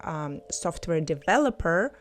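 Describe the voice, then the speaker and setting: A woman teaching an online language lesson, slowly repeating words to drill their pronunciation. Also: fairly low pitch, big pitch swings. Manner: slow, careful word-by-word pronunciation drills.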